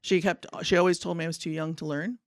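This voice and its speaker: A woman in her fifties, an artist guest on a podcast, reminiscing in an earnest, upbeat way with a slightly gravelly voice. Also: lowish voice, fairly even intonation, fast talker, dry recording. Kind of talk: casual interview.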